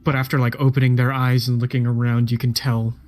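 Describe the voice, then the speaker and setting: A man running a tabletop game, calmly narrating what the players see. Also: medium pitch, quick pace, faint music behind. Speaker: game master.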